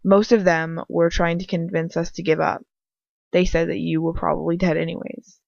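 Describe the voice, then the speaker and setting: A woman reading aloud and voicing an earnest young male wizard in a plain lowered voice, a loyal friend. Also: level tone, normal speed, creaky, darkish tone, no echo, muffled recording. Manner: reads him in a lowered, plain voice.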